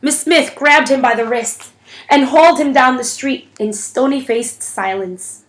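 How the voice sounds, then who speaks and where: A woman narrating a novel in the first person, with an expressive storytelling manner. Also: sits high, a little slow. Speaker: audiobook reader.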